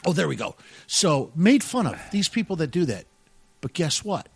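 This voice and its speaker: A man co-hosting a casual radio talk show, excitable and jokey, laughing often and peppering his talk with "dude" and "man". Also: on the high side, normal speed, creaky, breathy edge, no echo. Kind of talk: casual podcast banter.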